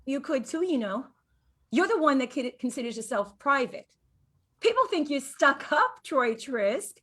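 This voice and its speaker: A woman as a high, bright teasing wife. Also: big pitch swings, unhurried, heavily acted. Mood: reminiscing. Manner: breezy, teasing, theatrical. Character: chatty, bright-voiced wife. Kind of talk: amateur audio drama.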